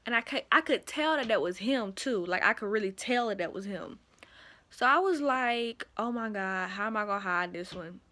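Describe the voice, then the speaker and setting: A young woman vlogger telling a work story in a chatty, animated way, calling her viewers y'all. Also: mid-range voice, normal speed. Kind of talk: casual storytime.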